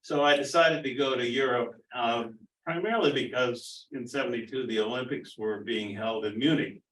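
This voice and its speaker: A man in his seventies telling a story at a college reunion, measured and hesitant. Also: mid-range voice, fairly bright tone, a little hiss or hum. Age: 70s. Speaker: reunion alumnus. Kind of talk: casual storytelling. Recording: roomy hall, distant mic.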